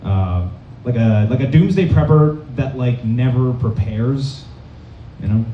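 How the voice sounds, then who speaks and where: A young man from Massachusetts doing a rambling stand-up set in a comedy club, deadpan and full of fillers. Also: medium pitch, a little slow, a little hiss or hum. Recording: dull, roomy, distant club recording.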